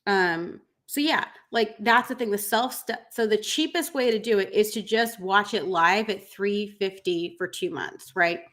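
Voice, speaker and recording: A woman's voice: mid-range voice, measured pace, few pauses, a bit bright. A middle-aged woman business coach talking live to her viewers, rambling with many fillers, emotional and close to tears. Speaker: business coach for pet groomers. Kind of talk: live-streamed coaching talk.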